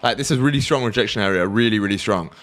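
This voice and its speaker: This British man streams his trades live, keeping the chat casual as he banters with viewers, swears freely and laughs often. His voice is on the low side and fairly bright, and he talks at a racing pace.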